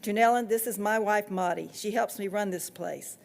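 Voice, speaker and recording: A woman voicing a kindly middle-aged man who runs a funeral home, speaking in a calm, folksy, reassuring way. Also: mid-range voice, moderate pace, vocal fry, close to an everyday voice.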